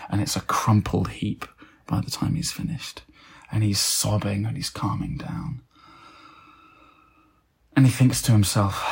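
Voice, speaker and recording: A man's voice: fairly low pitch, fairly even intonation, unhurried, gravelly, pauses often, breathy edge. A man improvising a comic story, rambling with lots of fillers and restarts.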